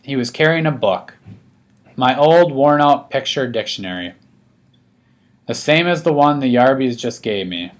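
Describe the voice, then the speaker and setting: A man's voice: mid-range voice, lively intonation, measured pace, pauses often. A man giving a first-person scripted narration of a children's story, told as a young boy. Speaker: audiobook reader.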